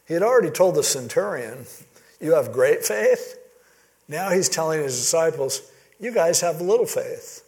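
Lively conversational male preacher. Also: on the high side, unhurried. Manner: conversational, animated retelling with acted-out quotes. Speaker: pastor. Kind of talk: sermon.

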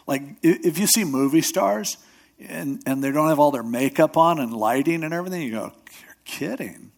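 A man's voice: fairly high pitch, fairly quick. A man who pastors a church and hosts a radio show, preaching in a conversational sermon style. He tells stories, acts out quotes in other voices, and talks loosely with restarts and asides. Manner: storytelling, acting out quotes in voices.

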